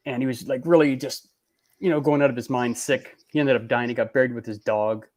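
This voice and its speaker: A man's voice: mid-range voice, steady tone, a little fast, a little mellow. Chatty man hosting a beer stream. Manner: chatty, rambling with fillers. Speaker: beer review host. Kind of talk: casual live-stream chat.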